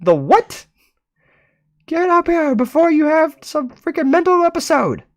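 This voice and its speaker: A man voicing an angry housemate who yells bossy orders from upstairs in a high, screeching voice. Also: big pitch swings, unhurried, no room sound, full character voice. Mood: yelling.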